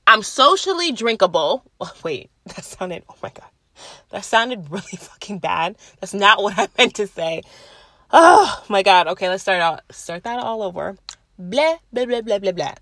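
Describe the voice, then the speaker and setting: A woman's voice: mid-range voice, sing-song, normal speed, bright, forceful tone, no echo. A young woman chatting casually to camera, blunt and profane, often laughing at herself mid-sentence.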